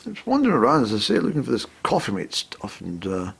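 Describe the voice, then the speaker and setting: A man telling a rambling comic story, hesitating with lots of ums, in a raspy, creaky voice. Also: medium pitch, wildly swooping pitch, fast talker.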